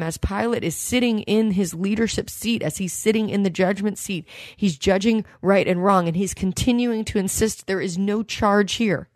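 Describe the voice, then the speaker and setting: A woman's voice: medium pitch, dry recording, clean studio sound. A woman preaching a sermon, retelling scripture in a conversational storytelling way.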